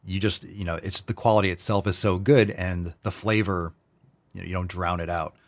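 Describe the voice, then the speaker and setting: A podcast host with a low-pitched male voice, rambling through casual chat. He swears freely and jokes as he goes, jumping from tangent to tangent. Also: steady tone, normal speed. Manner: rambling, profane, jokey.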